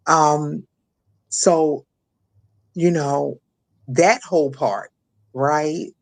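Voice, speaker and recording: Woman telling her story haltingly. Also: low-pitched, steady tone. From Maryland. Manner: halting, repeats words, acts out quoted voices. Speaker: guest, shooting survivor. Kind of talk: emotional personal testimony.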